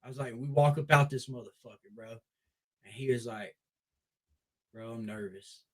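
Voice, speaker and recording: A young man, a wrestler, telling a long story in a casual, profane, animated way with many restarts. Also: mid-range voice, brisk, poor audio. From Memphis Mid-South area. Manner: profane, animated, repeats "I was like". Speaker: wrestler guest.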